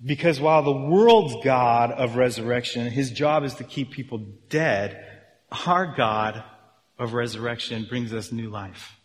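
A man preaching a sermon with lively energy, often acting out his listeners' reactions. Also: mid-range voice, unhurried, long reverb tail. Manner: animated, acts out reactions of listeners. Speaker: pastor.

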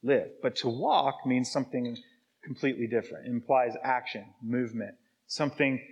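The recording is lo-fi, from a live church hall with long reverb, where a pastor preaches in the sanctuary. His voice is medium-pitched and slightly rough at a normal speed, and his conversational sermon is dotted with check-ins like "okay?" and "right?".

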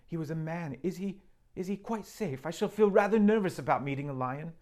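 A man's voice: fairly high pitch, animated, darkish tone, pitched above the performer's own voice, natural voice. A man reading the part of a nervous young girl from a storybook, speaking hesitantly. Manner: hesitant, halting.

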